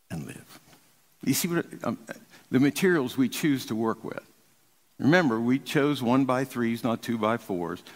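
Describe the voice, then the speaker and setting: An older man, a pastor preaching an emphatic sermon from the pulpit, swinging between raised and hushed delivery. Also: on the low side, long reverb tail. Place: large church sanctuary.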